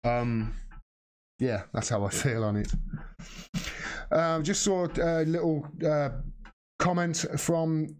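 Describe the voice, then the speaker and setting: A man's voice: a little high, slow pace, pauses often, a little mellow. A man hosting a live stream, answering viewer questions in blunt, impassioned casual talk and swearing freely.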